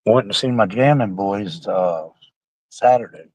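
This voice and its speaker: A man's voice: lowish voice, measured pace, a little mellow, dry recording, low-quality recording. A man chatting casually and rambling with his viewers on a live stream, sounding like he has a bad cold. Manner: rambling, salty, joking.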